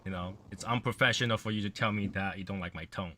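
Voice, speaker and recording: A man's voice: low-pitched, quick pace, noisy background. A man hosting a casual livestream chat, rambling in a gloomy, offhand way and swearing now and then. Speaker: livestream host.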